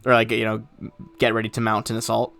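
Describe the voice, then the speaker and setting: Gravelly male game master, rambling. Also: lowish voice, fast. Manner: relaxed, rambling with fillers. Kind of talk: narrating a tabletop game.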